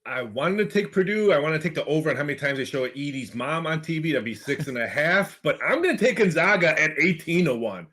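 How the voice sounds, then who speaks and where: A man's voice: a little high, lively intonation, fast, hardly any pauses, a bit bright. A man co-hosting a betting show and making wisecracks about his picks. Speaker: co-host. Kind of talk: sports betting banter.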